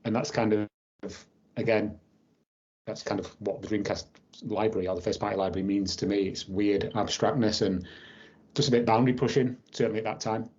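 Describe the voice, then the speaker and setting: Male podcast co-host, low-pitched, rambling, lo-fi sound. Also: fairly even intonation, brisk, darkish tone. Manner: rambling, with many fillers and restarts. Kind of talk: casual chat.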